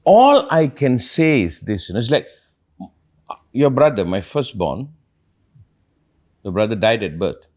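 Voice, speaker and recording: A man's voice: medium pitch, big pitch swings, measured pace, long pauses, darkish tone. A man, a spiritual teacher, talking earnestly in a reflective conversation and asking probing questions.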